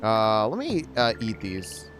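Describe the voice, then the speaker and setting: A man's voice: on the low side, wildly swooping pitch, takes it slowly, noisy background. A man streaming a game, telling stories casually, swearing a lot and full of filler words. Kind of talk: casual gaming stream storytelling.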